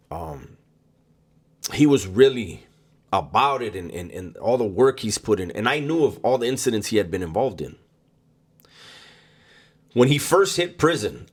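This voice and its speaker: A storyteller casually recounts his prison experiences in a lowish voice. His delivery is unhurried and conversational, halting often with ums and repeated words.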